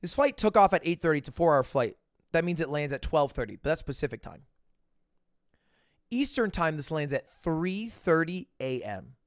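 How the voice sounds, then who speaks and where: Animated young man telling a story. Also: normal speed, no room sound, clean studio sound. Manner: animated, swings between loud bursts and low asides; acts out quoted dialogue. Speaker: livestreamer. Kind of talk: casual storytelling to chat.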